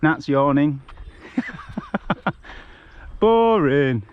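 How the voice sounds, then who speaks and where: A man's voice: a little high, animated, drawn-out words, dull audio, a little hiss or hum. A man from England chatting casually and rambling through stories as he walks along a rural road, recorded on a handheld camera outdoors. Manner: chatty, rambling, laughs often. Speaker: vlogger on a charity walk. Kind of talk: casual chat while walking.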